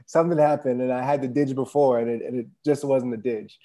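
A man's voice: mid-range voice, fairly even intonation, fairly quick, warm tone. A man chatting casually as a podcast guest, laid-back and rambling with many fillers. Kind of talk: casual conversation.

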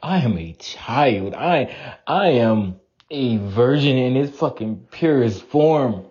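A man's voice: medium pitch, animated, slow, darkish tone, lo-fi sound. A man giving an emotional, profane confessional monologue, near tears, laughing through his distress and dropping to whispers between outbursts.

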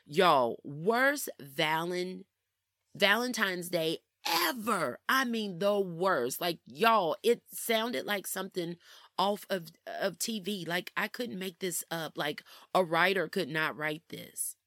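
A young adult woman telling a personal story in a casual, animated way, often calling her listeners "y'all". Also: lowish voice, slow pace, no echo, clean studio sound. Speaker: vlogger.

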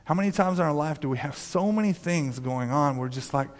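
A man's voice: fairly high pitch, fairly quick, few pauses. A man preaching a sermon in a conversational way, often restarting his sentences and acting out quoted voices. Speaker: pastor. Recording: long reverb of a hall.

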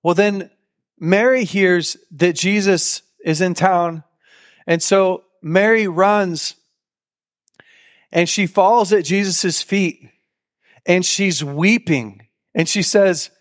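A man's voice: high voice, slow pace, long pauses. A man giving a sermon to a live audience, telling stories and acting out the lines of the people in them, and often turning to his listeners with direct questions. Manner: animated storyteller who acts out quoted lines. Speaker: preacher.

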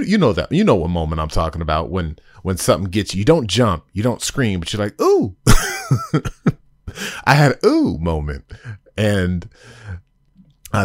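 A man hosting a casual show, excitedly reviewing an episode with giddy rambling, restarts and sudden high exclamations. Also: dry recording, clean studio sound. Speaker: podcast host reviewing an episode.

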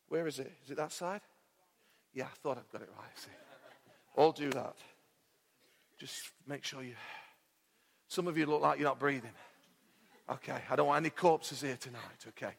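A man's voice: on the high side, normal speed, vocal fry, long pauses, fairly bright tone. A man preaching a sermon as pastor, fervent with jokey asides to the congregation, heard in a church hall. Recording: hall reverb.

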